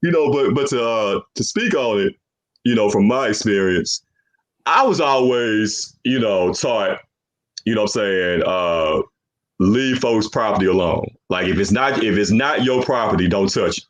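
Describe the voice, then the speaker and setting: A man's voice: on the low side, expressive, measured pace. Young guy hosting a podcast, rambly, says you know what im saying a lot. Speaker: podcast host. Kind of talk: casual chat.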